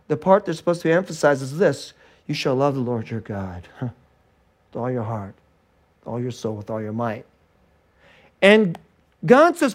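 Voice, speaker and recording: Pastor, middle-aged man, high voice, chatty sermon delivery with restarts and light chuckles. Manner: conversational, repeats words and restarts, chuckles often.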